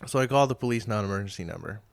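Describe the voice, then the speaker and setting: A man co-hosting a podcast in a casual chat, an animated storyteller who acts out quotes and laughs often. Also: on the low side, rapid-fire, creaky. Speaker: podcast co-host.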